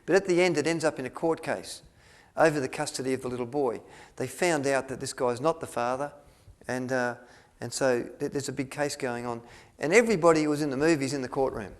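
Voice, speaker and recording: A man's voice: mid-range voice, fairly quick, few pauses. Rambling man telling stories. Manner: rambling, with many restarts and fillers, acting out quotes. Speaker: speaker at a health retreat. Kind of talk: storytelling talk to an audience.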